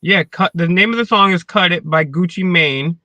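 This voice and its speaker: A man co-hosting a casual live stream, blunt and profane, quick to push back. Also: high voice, bright, forceful tone, dry recording, highs cut off. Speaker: co-host.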